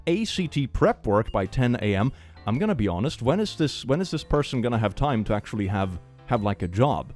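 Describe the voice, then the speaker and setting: A man's voice: mid-range voice, very animated, fairly quick, a little mellow, soft background music. A man hosting comedic reaction commentary in a playful, sarcastic manner, laughing often. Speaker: host.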